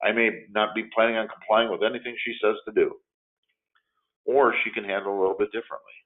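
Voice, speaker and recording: A man's voice: lowish voice, fast. A man in his fifties giving a training lecture, telling stories and acting out the quotes in them. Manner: animated storytelling, acts out angry quotes. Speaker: de-escalation trainer. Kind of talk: training lecture with role-play examples. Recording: phone-like narrow audio.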